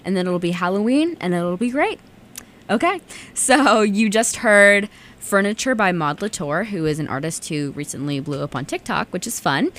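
A young woman with a slightly low voice hosts a radio show in a relaxed, chatty way. She fills pauses with "um" as she runs through the playlist. She also reads a story aloud to listeners. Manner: relaxed, chatty, with frequent "um" fillers. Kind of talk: casual radio chat and story reading.

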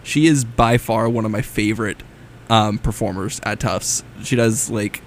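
A man's voice: lowish voice, unhurried, a little hiss or hum. Enthusiastic young male radio co-host. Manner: enthusiastic, laughs easily, gushing praise. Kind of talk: casual chat on air.

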